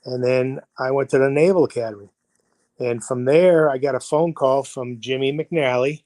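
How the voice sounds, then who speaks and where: In his seventies and American, this football coach has a mellow mid-range voice and talks at normal speed. Interviewed over a video call livestream, he spins rambling stories laced with fillers and acted-out quotes. The audio has no echo but is low quality.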